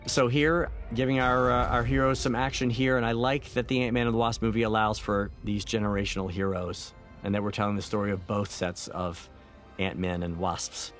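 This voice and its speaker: A man, a film director, talking through his movie in a relaxed, reflective audio commentary, with many fillers and restarts. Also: fairly low pitch, moderate pace. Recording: faint film soundtrack music underneath.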